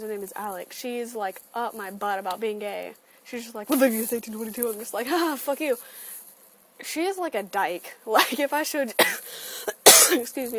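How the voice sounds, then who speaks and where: A woman's voice: a little high, slight background noise, low-quality recording. A woman ranting sarcastically and with lots of swearing in a webcam opinion vlog. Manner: animated, sarcastic and profane ranting. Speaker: vlogger. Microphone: computer webcam.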